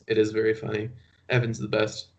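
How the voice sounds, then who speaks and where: A man's voice: fairly low pitch, completely flat delivery, fairly quick, vocal fry. A man co-hosting a casual podcast, rambling and often breaking into laughter mid-sentence. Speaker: podcast co-host.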